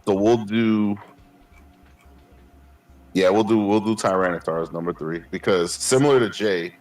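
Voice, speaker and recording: A man, co-hosting a podcast and telling animated, profane stories, acting out his past self. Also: fairly low pitch, unhurried. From Queens, New York. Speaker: podcast co-host. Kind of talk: casual chat.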